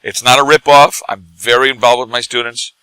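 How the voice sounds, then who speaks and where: A middle-aged man, drunk, telling animated stories in casual bar chat as a guest who acts and teaches comedy. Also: medium pitch, fairly quick, smooth, no room sound, rough recording. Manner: animated, laughing, tipsy anecdotes.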